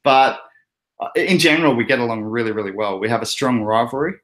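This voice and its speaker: A man's voice: medium pitch, fast, fairly bright tone. An Australian man hosting a casual livestream, rambling and chatty with frequent fillers and laughs. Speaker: crypto channel host.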